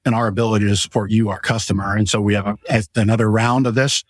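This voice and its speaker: An enthusiastic man chatting casually about mattresses from a store showroom, his voice a bit on the low side. He rambles and pitches products with a close, dry sound and no room echo. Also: flat delivery, fast. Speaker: podcast host and mattress store owner. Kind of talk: casual sales chat.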